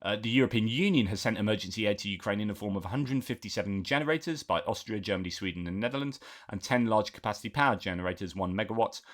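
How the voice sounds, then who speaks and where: Low-voiced man reading war news. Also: quick pace, a bit bright. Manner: reads articles aloud with frequent asides and filler words. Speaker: news commentary host.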